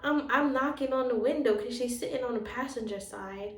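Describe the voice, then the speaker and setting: A woman's voice: a little high, fairly quick. A woman telling a personal story in a casual vlog, acting out the dialogue as she goes. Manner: animated retelling, acting out the dialogue. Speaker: storyteller and relationship coach. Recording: roomy sound, voice from a distance from the mic.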